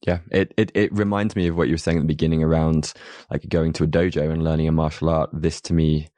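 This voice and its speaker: Male host with an extremely deep, dark voice, calm and measured, recorded dry. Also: dry recording. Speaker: podcast host. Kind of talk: interview conversation.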